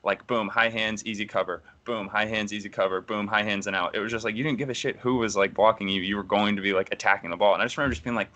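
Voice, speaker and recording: Laid-back man co-host, low pitch, forceful bright edge, casual slang. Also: steady tone, quick pace, few pauses. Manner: laid-back, says dude and man a lot. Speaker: podcast co-host, former volleyball player. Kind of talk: casual podcast chat.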